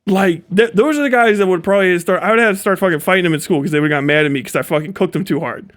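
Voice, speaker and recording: High-voiced man ranting profanely on stream. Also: fast talker. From Ohio, USA. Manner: swears constantly, laughs at his own jokes. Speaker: livestreamer. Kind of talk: profane live-stream rant.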